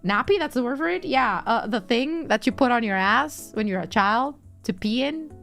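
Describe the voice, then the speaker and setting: A young woman chats casually on her stream, teasing her viewers and laughing often as she reads their messages. Her voice sits high and swings widely in pitch. Quiet music plays underneath. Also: expressive, moderate pace, vocal fry. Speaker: streamer reading chat. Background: faint background music.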